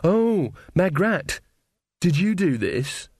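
A man's voice: sits high, very animated, slow, darkish tone, slightly rough, no echo, clean studio sound, voice pushed up, exaggerated voice. A man voicing a frightened, earnest young woman in a storybook reading, speaking in a raised, anxious voice.

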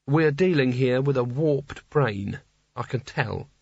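A man voicing a brisk, irritable young woman who speaks curtly and flatly in an audiobook. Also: mid-range voice, vocal fry, breathy edge, no room sound, exaggerated voice. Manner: curt, flat, firm. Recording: dull dry audiobook recording.

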